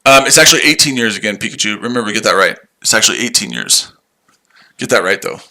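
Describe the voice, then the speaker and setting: A man's voice: fairly low pitch, animated, fast talker, sharp tone. Sarcastic, tired man streaming trades. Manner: sarcastic, repetitive, combative. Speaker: trading livestream host. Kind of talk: live trading stream, answering chat.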